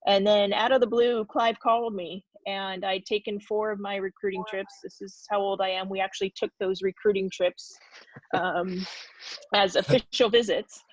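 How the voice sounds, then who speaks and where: A woman's voice: mid-range voice, steady tone, normal speed, slight background noise. A woman in her forties from California, a former pro soccer player answering questions and telling stories in a reflective way, with frequent ums. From California, USA. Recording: dull lo-fi dry sound.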